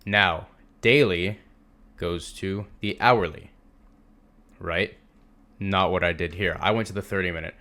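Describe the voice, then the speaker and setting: Unhurried and pausing often, a young man with a low, sharp-toned voice shares his screen to teach trading. His manner is casual and emphatic, with words repeated for stress.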